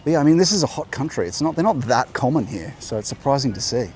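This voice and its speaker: Speaking fast with big pitch swings, a slightly mellow medium voice carries some background noise via a clip-on mic. The host walks a coastal path by a beach, musing to camera in a rambling vlog monologue and often breaking off mid-thought.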